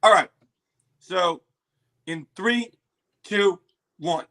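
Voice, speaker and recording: A man with a voice pitched a touch high chats casually to his livestream viewers. He repeats himself often and breaks into loud, excited exclamations laced with swearing. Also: drawn-out words, vocal fry. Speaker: livestream host reacting to a trailer.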